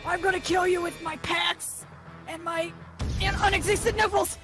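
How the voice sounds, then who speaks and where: A woman's voice: extremely high pitch, steady tone, normal speed, over music. A woman voicing a vain, menacing cartoon villain with over-the-top threats in a parody fan dub. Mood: threatening.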